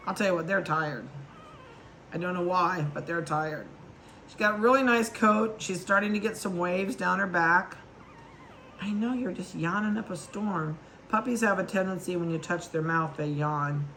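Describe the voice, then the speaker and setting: A woman's voice: fairly low pitch, moderate pace, fairly bright tone, a little hiss or hum. A woman dog breeder chatting casually and affectionately as she handles puppies at an indoor table and talks to them.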